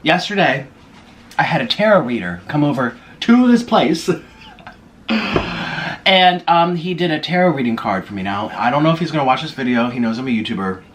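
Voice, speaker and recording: A man's voice: medium pitch, big pitch swings, moderate pace, fairly bright tone, slight background noise. A man doing a casual eating vlog as a YouTuber, gushing and exclaiming over his food between bites, indoors by a window. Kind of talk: mukbang eating vlog chatter. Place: indoors by a window in a city apartment.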